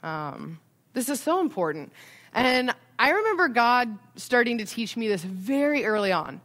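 A woman's voice: a little high, very animated, normal speed, a bit bright. A young adult woman giving a casual Christian parenting talk in a conversational way, often checking in with "right?".

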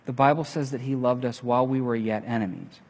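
A man preaching a sermon, telling a story in lively fashion and acting out the lines of the people in it. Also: mid-range voice, fast. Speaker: pastor. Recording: long hall reverb.

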